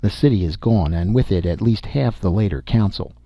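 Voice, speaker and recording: A man reading aloud, voicing a hard, demanding older male Martian official with a sharp, suspicious manner. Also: on the low side, expressive, fairly quick, no room sound. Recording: dull, lo-fi dry recording.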